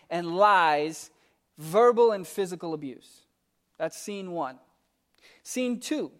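With a high voice, this preacher works through a Bible passage, first reading it out and then explaining it in a talky, forceful way, with side comments to the people listening.

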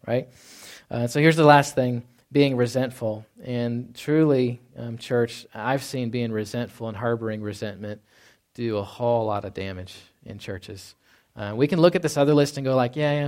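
A man preaching a sermon as pastor in a relaxed, conversational way. He often adds "right?" asides and drops to a quiet voice for emphasis. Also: mid-range voice. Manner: conversational, with frequent "right?" asides and soft laughs.

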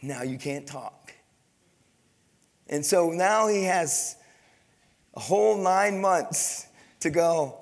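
A male pastor preaches with swelling, dropping emphasis, now and then acting out the people in the scripture. His voice sits high and carries a gravelly edge, and it rings out with the long reverb of a large hall. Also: lively intonation, slow, long pauses. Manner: preaching, rising and falling emphasis, voicing scripture figures. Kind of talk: sermon.

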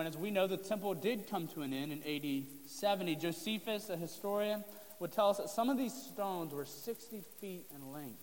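A man's voice: sits high, expressive, brisk. A man preaching a sermon to his congregation in a casual, conversational way, with joking asides. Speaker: pastor. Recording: long reverb of a hall.

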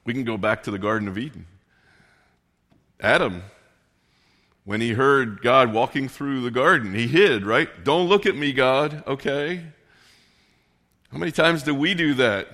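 Man, pastor, sermon, earnest conversational delivery, mid pitch, long hall reverb. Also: moderate pace, pauses often, sharp tone. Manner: earnest, conversational preaching with quoted voices.

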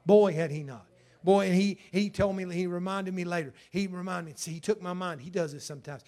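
A man preaching a fervent sermon as pastor, swinging from hushed lines to loud emphatic ones. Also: sits high, fairly even intonation, quick pace.

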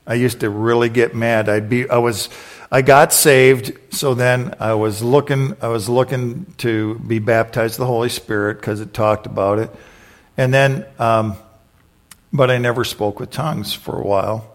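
A man preaching, telling a personal story in an animated, conversational way with sudden loud exclamations. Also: mid-range voice, moderate pace.

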